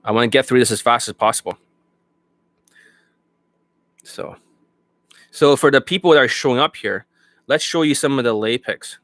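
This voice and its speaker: A man's voice: mid-range voice, normal speed, pauses often, a bit bright, dry recording. A man working as a dating coach, ranting bluntly and profanely to his students. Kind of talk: unscripted monologue to students.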